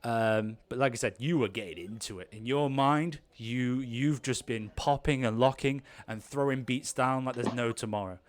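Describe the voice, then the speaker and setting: A man's voice: mid-range voice, moderate pace, few pauses, no room sound. A man running an improvised tabletop game, narrating in a rambling way full of ums and kind-ofs. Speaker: game master.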